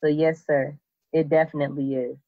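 A woman's voice: low-pitched, flat delivery, brisk, dry recording. A woman podcast host telling a Bible story casually, acting out the characters with slangy quoted voices. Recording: dull lo-fi, dry sound.

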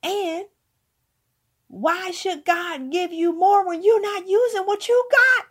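A woman's voice: very high voice, takes it slowly. A woman giving an emphatic motivational talk, hammering points home with repeated words. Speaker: motivational speaker.

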